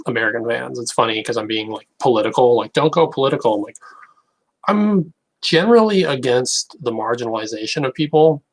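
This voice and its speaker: A young man talking casually to camera in a rambling, halting, wry way. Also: medium pitch, rough recording. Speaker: online creator.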